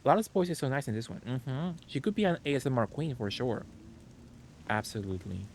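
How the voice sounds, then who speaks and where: A man's voice: medium pitch, sing-song, a little fast, a little hiss or hum. Chatty male streamer greeting chat. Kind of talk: casual live gameplay commentary.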